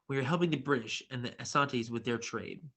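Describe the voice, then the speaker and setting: A man's voice: medium pitch, brisk, fairly bright tone, husky. Man reading as a curt teenage warrior boy. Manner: curt, dismissive. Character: brash proud teenage boy, would-be warrior.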